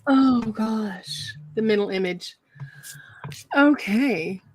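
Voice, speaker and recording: A woman with a fairly high voice speaks slowly and without hurry on a casual livestream. She reads out viewer questions and answers her co-host with a stream of easy agreement. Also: slightly rough, no room sound. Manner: unhurried, agreeable, many affirming yeses.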